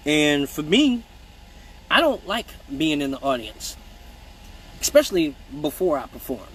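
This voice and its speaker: Speaking a little slowly in a voice on the high side, a man comes through a low-quality recording with slight background noise. He's an exotic dancer hosting a casual live-stream Q&A, bluntly swearing his way through animated stories and reading viewer comments aloud to answer them.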